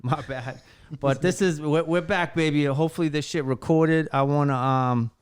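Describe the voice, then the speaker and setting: Smooth-voiced man rambling on a podcast. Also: a little high, steady tone, normal speed, no echo, clean studio sound. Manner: rambling, heartfelt, swears casually; many fillers and restarts while storytelling. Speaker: podcast host. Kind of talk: casual podcast chat.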